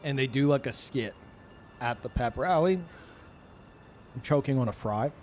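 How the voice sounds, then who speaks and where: A man streaming live in casual chat, ranting in an animated and profane way. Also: medium pitch, normal speed, slight background noise.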